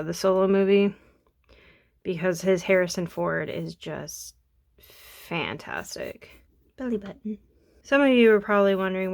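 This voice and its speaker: Young woman rambling slowly while she sketches, gravelly voice, kinda sniffly. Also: lowish voice. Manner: rambling, chatty, self-deprecating. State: sniffly from allergies. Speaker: art vlogger. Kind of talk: casual chat while drawing.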